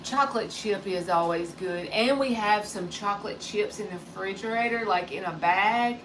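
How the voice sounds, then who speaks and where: Speaking at a normal pace in a mid-range voice, this woman sounds far from the microphone, with faint noise behind her. She's in her forties, a tarot reader on a live stream, joking around and passing on what someone off-mic says.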